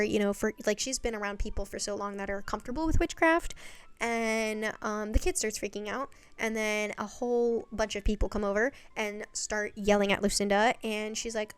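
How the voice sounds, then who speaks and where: A young woman talks through a casual recap in a slightly high voice, chatty and blunt, with the odd curse word and plenty of rhetorical questions. Her voice is close and dry, and soft music plays faintly underneath. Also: smooth, no echo. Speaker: video essayist. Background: faint background music.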